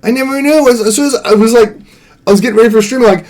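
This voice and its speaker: A man with an extremely high, slightly mellow voice talks at rapid-fire speed to his live stream viewers. He rambles chattily, sings along and breaks into laughter often.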